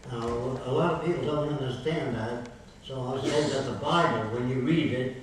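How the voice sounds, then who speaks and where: An older man lecturing a university audience in emphatic, declarative statements, often ticking through lists. His voice sits at an ordinary middle pitch for a man. It is picked up from far back in a very echoey hall with faint noise underneath. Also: normal speed. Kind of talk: public lecture.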